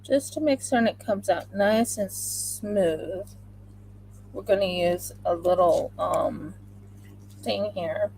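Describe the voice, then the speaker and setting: A woman's voice: medium pitch, slow, gravelly, a little mellow, a little hiss or hum, low-quality recording. A woman chatting casually on a livestream, talking through each step of her craft work as she goes. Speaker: crafter livestreaming a resin pour.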